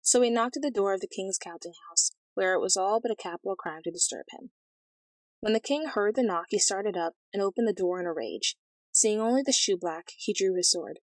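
A woman narrating a fairy tale as an audiobook reading, in a clear, even storytelling manner. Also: mid-range voice, a little fast, dry recording, rough recording.

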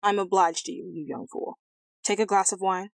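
A woman voicing a hot-tempered, blustering old king in a storybook reading, with loud huffy outbursts. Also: medium pitch, flat delivery, moderate pace, no room sound, natural voice.

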